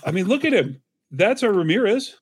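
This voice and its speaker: A man's voice: sits high, very animated, fairly quick. A man co-hosting a podcast, bantering in a friendly, enthusiastic way. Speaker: podcast co-host. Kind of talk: casual podcast chat.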